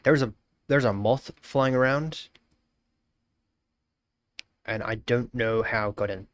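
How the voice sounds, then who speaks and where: An Australian man with a mid-range voice speaks slowly during a live stream, casually greeting chatters and thinking aloud as he works. He often repeats his phrases.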